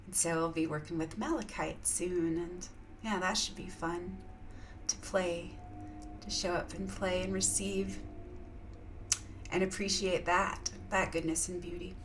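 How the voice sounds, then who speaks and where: A woman's voice: on the low side, steady tone, a little slow, noisy background. A woman chatting casually in a vlog, rambling with lots of fillers and frequent laughs. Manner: rambling, laughs often, many filler yeahs. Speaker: vlogger sharing spiritual reflections. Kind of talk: casual chat.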